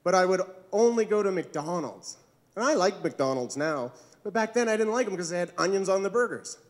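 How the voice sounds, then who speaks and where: A man's voice: sits high, lively intonation, brisk. A man doing a stand-up comedy set on a club stage, with awkward, self-deprecating jokes that he chuckles at himself.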